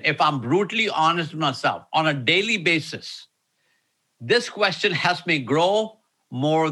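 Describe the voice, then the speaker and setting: Guy preaching, keeps repeating lines slow for emphasis, bright kinda high voice. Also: husky. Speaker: pastor. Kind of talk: sermon with live Q&A.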